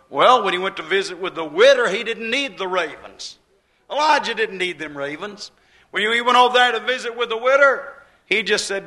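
A man's voice: high-pitched, sing-song, moderate pace, sharp tone, rough recording. A man preaching a sermon in a folksy, emphatic way, repeating his points with plain homespun speech.

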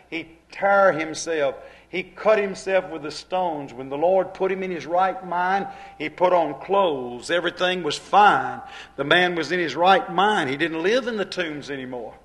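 A man with a notably high voice delivers a sermon. He preaches dramatically, going from quiet asides to loud, hammering rhetorical questions.

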